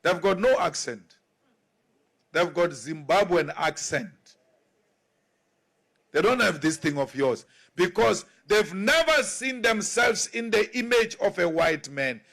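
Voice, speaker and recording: South African political leader, male, high voice, emphatic and repetitive speech delivery. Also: animated, takes it slowly, creaky, fairly bright tone. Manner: emphatic and repetitive, with rhetorical questions.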